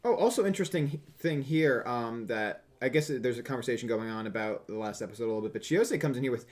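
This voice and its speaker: A man's voice: medium pitch, animated, fast talker. Easygoing man reading donations aloud. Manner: reads donations aloud, easygoing, hesitant fillers. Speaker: podcast co-host. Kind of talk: casual podcast chat.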